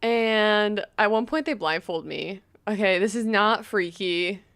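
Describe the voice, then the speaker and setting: A woman's voice: medium pitch, unhurried, a bit bright. A young woman from Long Island with a slight lisp, chatting casually and rambling while playing a game. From New York, Long Island. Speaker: gaming vlogger. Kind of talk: casual chat while gaming.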